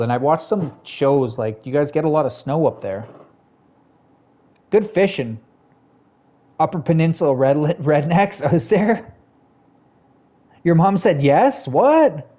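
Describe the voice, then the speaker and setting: A man's voice: fairly high pitch, mellow. Laid-back, chatty male game streamer. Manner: chatty, laid-back, greets and answers chat, laughs often. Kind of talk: casual live-stream chat while gaming.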